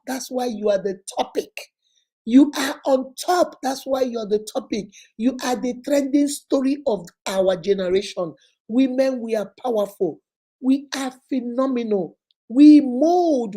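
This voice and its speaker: A Nigerian-accented woman talks straight to mothers, stacking short emphatic phrases and little classroom stories. Her voice sits a little high, but its tone is warm and mellow rather than bright. She sounds like a teacher rallying her audience. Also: low-quality recording. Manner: emphatic, repetitive exhortation with storytelling asides. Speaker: schoolteacher giving a motivational talk. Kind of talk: motivational talk to mothers.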